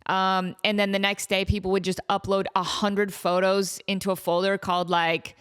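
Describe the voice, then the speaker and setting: A woman in her thirties hosting a podcast in casual chat, animated and joking at her own expense. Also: medium pitch, normal speed, clean tone. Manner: animated, self-mocking, joking. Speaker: podcast host.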